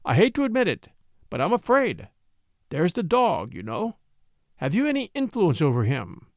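A genial young lawyer who stays amiable and polite, with a lively rise and fall to his voice, as a male narrator reads him. The voice is close and dry, with no room sound. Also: high voice, moderate pace, no room sound, heavily acted.

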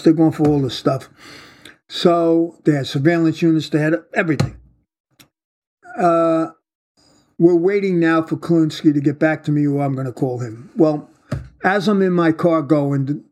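A husky, slightly high-pitched man tells a story of his undercover days. He talks bluntly and swears freely, in a casual interview setting. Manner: blunt, profane, animated storyteller. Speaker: retired undercover agent, guest.

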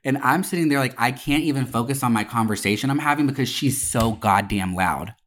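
A young adult co-host on a podcast tells a story in an animated, casual, profane way, swearing oaths for emphasis. Her or his mid-range voice runs a little fast.

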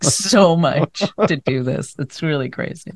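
A woman's voice: low-pitched, a little slow, a little mellow, dry recording. A woman co-hosting a comedy podcast, trading dry, sarcastic jabs in casual banter. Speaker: podcast co-host.

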